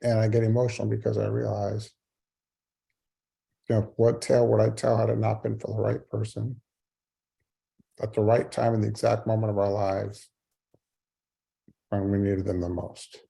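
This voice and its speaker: A man's voice: on the low side, little pitch movement, moderate pace, gravelly, long pauses, dark tone, breathy edge. A middle-aged man giving a keynote speech on a video call, telling a personal story with wry, self-mocking humor. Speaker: keynote speaker.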